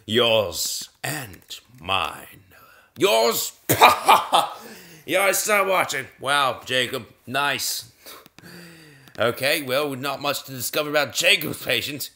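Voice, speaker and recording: A man's voice: medium pitch, pushed and bright. A man giving casual, rambling commentary over a video game, often stopping mid-sentence and restarting with a playful tone. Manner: rambling, self-interrupting, playful. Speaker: gaming video host.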